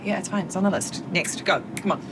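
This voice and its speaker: A woman's voice: fairly low pitch, quick pace, lightly acted. An actress playing a pushy pregnant woman teasing her partner in a film scene. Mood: bossy. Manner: teasing, exasperated, bossy. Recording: film clip with noisy background.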